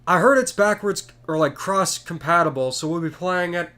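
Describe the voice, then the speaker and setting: Congested young man, high voice. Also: moderate pace. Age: 20s. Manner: chatty and excitable. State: congested from a cold. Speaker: game streamer. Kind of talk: casual live stream chat.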